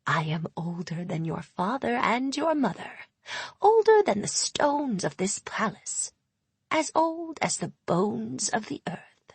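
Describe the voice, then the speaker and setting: A woman's voice: a little high, big pitch swings, measured pace, a little mellow, slightly rough, no echo, heavily acted. A woman voicing an ancient, sly female hag in an audiobook, speaking in a purring, hissing whisper. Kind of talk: audiobook character voice.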